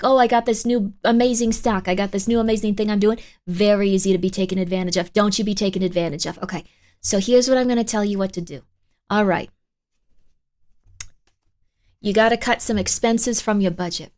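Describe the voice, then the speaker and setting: A streamer putting on an accented voice to play a blunt, bossy fortune teller who gives lecturing money warnings. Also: female voice, fairly high pitch, lightly acted. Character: blunt brash woman fortune teller doing tarot. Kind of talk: put-on-accent tarot reading on a livestream.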